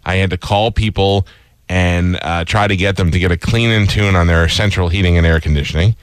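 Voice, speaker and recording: A man hosting a casual radio chat, telling animated stories and acting out the voices in them, on a close studio mic. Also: sits low, brisk, no echo. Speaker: radio host.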